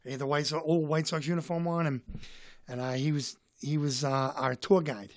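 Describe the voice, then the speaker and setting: Boston-accented man, somewhat high voice, rambling chatty guest, has a cold, dry close sound. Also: fairly even intonation, fairly quick, no room sound. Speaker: guest, comedian. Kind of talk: casual storytelling.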